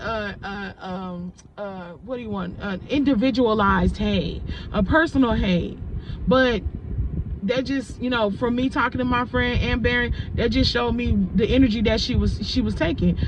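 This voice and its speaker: Animated, swearing woman vlogger. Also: fairly high pitch. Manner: animated, profane, swears freely. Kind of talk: casual storytime rant. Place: indoors, filming herself. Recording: slightly dull lo-fi audio with clear background noise.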